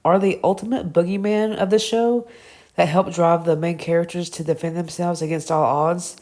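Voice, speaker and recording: A woman with a Southern US accent reading her review notes aloud, halting and stumbling over names. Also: lowish voice, fairly even intonation, mellow. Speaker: show reviewer.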